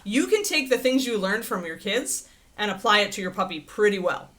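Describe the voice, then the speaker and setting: A woman hosting a livestream, chatting casually and answering viewers' questions in a rambling, animated way with frequent laughter. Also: fairly quick. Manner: animated, swinging pitch into playful quoted voices. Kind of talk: casual chat.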